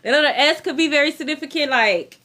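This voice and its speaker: Bright high-voiced woman reading tarot. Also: fast talker. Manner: blunt, profane, repeats herself. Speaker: tarot reader.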